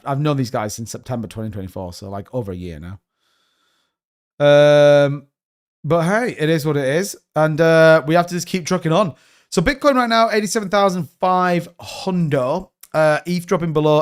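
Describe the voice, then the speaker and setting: A man hosting a casual crypto livestream, rambling through his holdings, correcting himself and answering questions from the chat. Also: on the high side.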